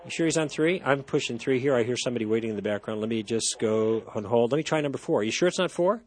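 A man's voice: medium pitch, fast. A man hosting a call-in radio talk show, explaining ideas thoughtfully with frequent restarts.

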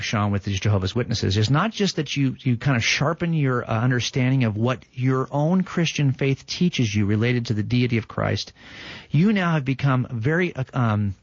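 A man's voice: mid-range voice, no echo, muffled recording. A man hosting a talk show about faith, who reads scripture aloud with emphatic, dramatic quotes. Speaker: radio show host.

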